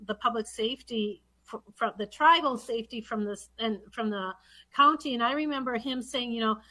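A woman's voice: mid-range voice, bright, forceful tone. A woman who serves as a state legislator, talking casually with lots of ums and restarts. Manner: rambling with many fillers and restarts. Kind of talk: casual conversation.

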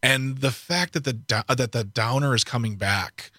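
A man hosting a casual chat, telling a relaxed story with quick asides. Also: medium pitch, no room sound, studio quality. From Milwaukee.

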